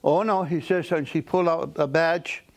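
A man from a Mohawk community tells stories in a loose, halting way, full of pauses and fillers. His voice sits a little high. He chuckles at his own punchlines. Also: fairly even intonation. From Akwesasne Mohawk community. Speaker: storyteller. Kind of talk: casual spoken storytelling.

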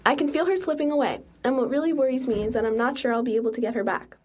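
A young adult woman reading a first-person story aloud in an earnest, steady way. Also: a little high, racing. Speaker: narrator.

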